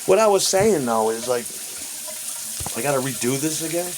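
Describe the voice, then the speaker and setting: A man in the middle of a rambling, profanity-heavy rant, chuckling between his complaints. His pitch sits in an ordinary middle range. Faint sounds of frying and running water come from a kitchen behind him. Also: expressive, normal speed, noisy background. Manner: swears heavily, chuckles between rants, rambling. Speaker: vlogger. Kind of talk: profane ranting monologue.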